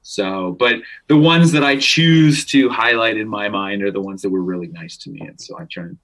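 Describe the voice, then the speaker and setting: A man's voice: fairly low pitch, moderate pace, fairly bright tone, low-quality recording. A man in his thirties from Canada, a musician guest telling stories in casual chat, rambling with many restarts and freely swearing.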